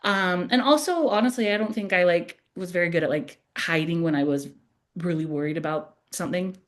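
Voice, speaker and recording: A young adult woman hosting a podcast, telling a personal story in a casual, animated way, laughing at herself often. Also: lowish voice, a little fast.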